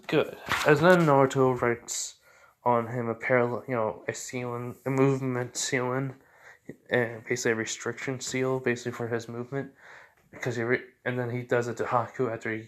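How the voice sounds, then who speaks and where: A man's voice: medium pitch, flat delivery, moderate pace. A man casually retelling an improvised fan story, rambling with many fillers and self-corrections.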